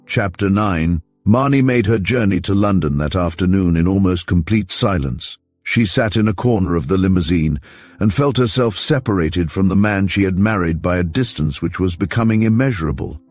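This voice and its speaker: A man narrating a mystery novel as an audiobook, steady and measured. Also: low-pitched, no echo. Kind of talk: scripted narration.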